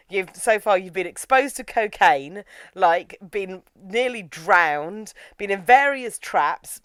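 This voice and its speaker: A woman's voice: medium pitch, no echo. A woman, chatting casually as a podcast host while she recaps an anime episode and acts out the characters' lines. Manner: chatty, animated retelling with acted-out quotes.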